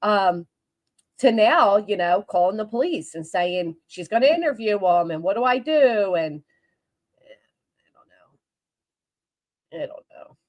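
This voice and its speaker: A woman's voice: mid-range voice, expressive, unhurried, pauses often, no room sound. A woman hosting a drama commentary channel, reacting to a clip with blunt, sarcastic remarks and frequent laughter.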